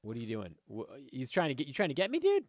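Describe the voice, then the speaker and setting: A man's voice: medium pitch, wildly swooping pitch, quick pace. A man giving casual, rambling commentary while playing a game, easily sidetracked and chatting to viewers and to the creatures on screen. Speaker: let's play host.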